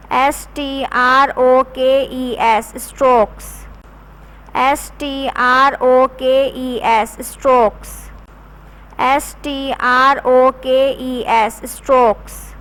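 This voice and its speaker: A woman teacher reads a storybook aloud to her class at a very slow, careful pace. Her voice sits high. She pauses to spell key words out letter by letter, in the measured way of classroom dictation. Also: a bit bright, rough recording.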